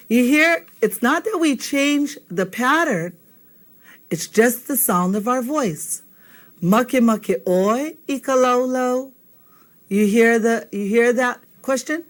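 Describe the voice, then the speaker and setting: A woman's voice: a little high, animated, slow, a bit bright. A woman teaching a video language lesson, patient and checking in with listeners often. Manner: patient, checks in with frequent "okay?".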